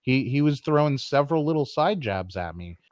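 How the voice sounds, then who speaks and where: Casting: male guest from Texas, animated pitch, wary, dry mic. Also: dry recording. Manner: defensive, wary, halting. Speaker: podcast guest. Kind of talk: casual podcast chat.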